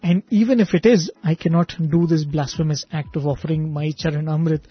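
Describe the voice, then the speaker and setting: A man voicing a devoted queen who pleads earnestly, in his own husky storytelling voice. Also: on the high side, fairly even intonation, brisk, no room sound. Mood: pleading. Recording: dull lo-fi recording, faint music.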